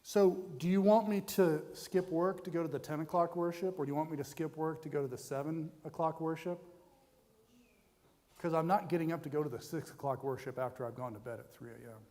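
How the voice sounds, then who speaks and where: A man's voice: fairly high pitch, fairly even intonation, fairly quick, warm tone. A man telling a personal testimony to students in a conversational, self-deprecating way, in a large chapel hall. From United States. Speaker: guest speaker. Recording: long hall reverb.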